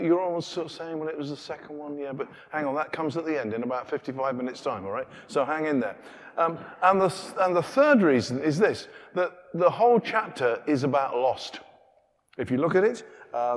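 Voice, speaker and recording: A man's voice: on the high side, darkish tone. A man preaching a sermon in a chatty, self-interrupting way, acting out little everyday scenes as he goes. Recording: long reverb of a hall.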